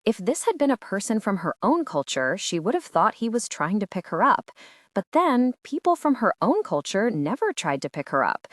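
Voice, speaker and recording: Expressive woman narrating a literary audiobook. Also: medium pitch, moderate pace, no echo, studio quality.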